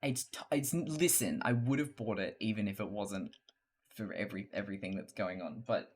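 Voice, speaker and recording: A live streamer chatting casually to viewers while crafting, excitable, swearing freely and laughing often, sometimes trailing off into quiet mutters. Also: low voice, moderate pace.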